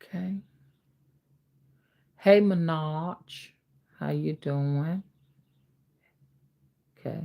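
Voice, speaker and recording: A middle-aged woman with a slow, old-fashioned Southern drawl hosts a casual livestream. Her voice sits low for a woman, and she chats loosely with her viewers, reading their comments aloud and laughing along. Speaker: livestream host.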